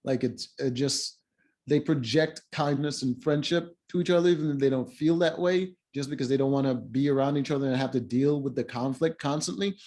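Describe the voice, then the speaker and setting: A man's voice: mid-range voice, fairly quick, a little mellow. A man recapping a reality-show episode in casual chat, rambling with lots of fillers and restarts and blunt asides. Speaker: show reviewer.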